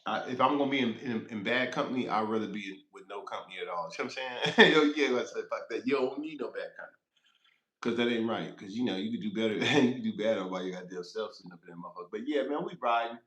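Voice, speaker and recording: A man's voice: fairly low pitch, animated, fast talker, fairly bright tone, echoey room. A man who drives trucks, telling a rambling, profane road story on a casual livestream, laughing as he goes.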